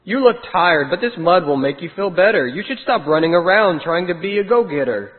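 A man voicing a big, lazy male pig who talks in a relaxed, coaxing way. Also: high voice, a little fast. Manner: laid-back and coaxing. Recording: tinny phone-like sound with long reverb.

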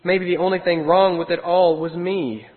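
A man's voice: high voice, fairly even intonation, moderate pace, close to an everyday voice. A man voicing a timid, lost little male sheep who talks in a worried, pleading way. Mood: worried, sad. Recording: tinny phone-like sound with long reverb.

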